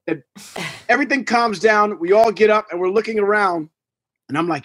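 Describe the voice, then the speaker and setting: A man's voice: sits high, normal speed, slight background noise. A man in his forties, a podcast co-host, telling a story in casual chat and acting out voices and sounds. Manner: animated, acts out voices and gunshot sounds.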